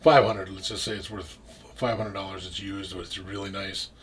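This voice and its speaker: Low-voiced man telling a rambling story. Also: flat delivery, moderate pace, slightly rough. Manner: rambling, full of restarts and swearing. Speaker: interview guest. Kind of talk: casual storytelling.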